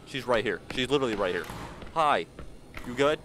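A man's voice: mid-range voice, expressive, moderate pace, long pauses, background noise. A man doing horror game commentary, jumpy and panicky, pleading with and talking back to the monster chasing him. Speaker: gaming channel host. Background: game music.

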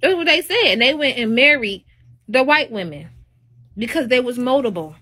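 Bright-voiced opinionated woman live-streaming. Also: a little high, animated, normal speed, husky. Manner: emphatic and preachy, with rising exclamations. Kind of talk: opinionated casual monologue.

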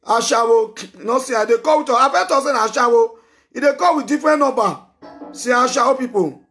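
A man with a Nigerian Pidgin English accent hosting a live call-in show, loud, scolding and repetitive. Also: very high-pitched, brisk, faint music behind. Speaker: talk show host taking calls.

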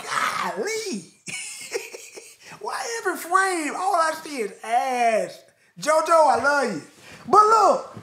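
A man hosting a reaction video, reacting with loud, animated exclamations and slangy asides. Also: extremely high pitch, takes it slowly. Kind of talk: excited reaction commentary.

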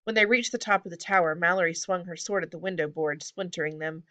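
A woman reading a children's fantasy story aloud at a steady pace. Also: lowish voice, fast talker. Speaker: audiobook reader. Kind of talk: storybook narration.

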